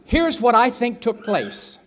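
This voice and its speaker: A man's voice: very high-pitched, very animated, takes it slowly, fairly bright tone, slight background noise. A man preaching a sermon in a church, telling a story with acted-out voices and asking the congregation questions. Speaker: pastor. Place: church sanctuary.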